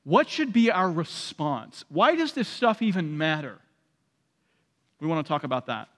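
A man preaching a sermon as pastor, emphatic and repeating his key phrases, often climbing to loud peaks. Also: on the high side, big pitch swings, a little slow. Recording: long hall reverb.

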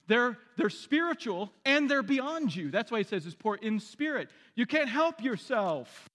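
A male pastor with a high, light voice delivers a sermon in a relaxed, conversational way. He restarts his sentences and asks the congregation direct questions. His voice rings with the long reverb of a large hall.

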